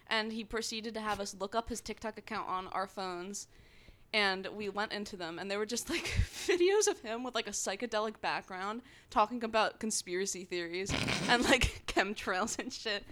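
Young woman guest, mid pitch, animated and slangy, laughs a lot. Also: normal speed. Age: young adult. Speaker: podcast guest. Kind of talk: casual storytelling.

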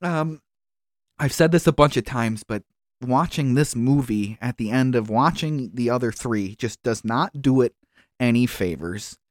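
A man's voice: mid-range voice, lively intonation, a little slow, no room sound. A man co-hosting a casual movie podcast, making wry, dry comments and sighing. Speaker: podcast co-host. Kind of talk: casual chat.

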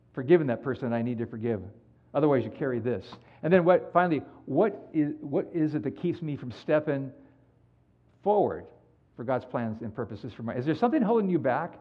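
A man preaching a sermon as pastor, animated and acting out the people in his stories. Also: medium pitch, husky, highs cut off. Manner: animated storytelling, acts out quoted dialogue.

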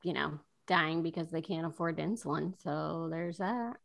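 A woman co-hosting a podcast in casual chat about a TV series, animated, laughing often and jumping between thoughts. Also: low voice, moderate pace, creaky.

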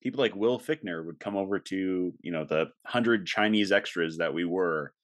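Male podcast host, low-pitched, upbeat and talkative. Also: normal speed. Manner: enthusiastic, chatty, laughs easily. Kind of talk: casual podcast chat.

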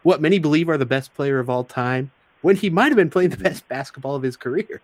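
A man's voice: on the high side, fast, darkish tone, no echo. A man hosting a podcast, asking questions in a chatty way and laughing along with his guest. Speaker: podcast host. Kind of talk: casual interview.

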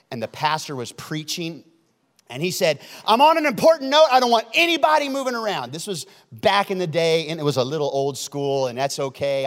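A man preaching a sermon as pastor, acting out stories with sudden shouts and then dropping soft. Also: mid-range voice. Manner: dramatic, shouts and acts out stories, swings loud to soft. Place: large church hall. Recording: long hall reverb.

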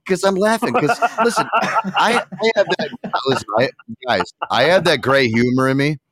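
A man's voice: on the high side, fairly quick, slight background noise. A man casually telling a crude story with lots of swearing, as a podcast co-host. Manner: lively, swearing, laughing storyteller.

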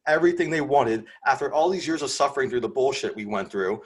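Man, husky voice, profane sports rant, worked up, podcast host. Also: medium pitch, fast, hardly any pauses. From Philadelphia. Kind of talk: casual sports chat.

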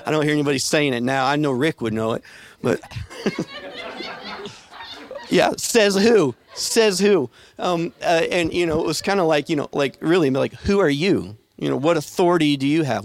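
Man, preacher, casual sermon, storytelling, slightly high voice, dry close sound. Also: dry recording. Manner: conversational, storytelling, asks the congregation. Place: church sanctuary with a congregation.

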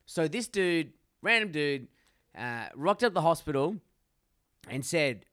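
A man's voice: on the high side, big pitch swings, unhurried, fairly bright tone, no echo, studio quality. A young man co-hosting a podcast, telling rambling crude stories and swearing constantly. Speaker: podcast co-host. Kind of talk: casual chat.

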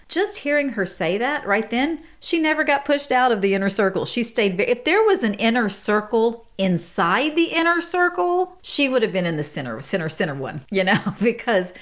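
A woman's voice: mid-range voice, very animated, moderate pace, few pauses. A middle-aged woman hosting a podcast, telling personal stories in a casual advice talk and laughing often. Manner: warm storytelling, laughs often. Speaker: podcast host.

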